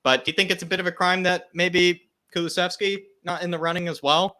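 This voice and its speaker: A man's voice: sits high, fairly even intonation, fairly quick, sharp tone. A man co-hosting a football watchalong who speaks emphatically and asks the others for their opinions. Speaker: co-host. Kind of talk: live football watchalong chat.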